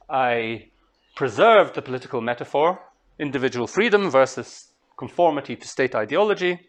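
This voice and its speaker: A man from Scotland with a Scottish accent, giving a master class to students in an unhurried, explanatory way with thoughtful pauses. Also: mid-range voice, a bit bright. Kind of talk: lecture to students.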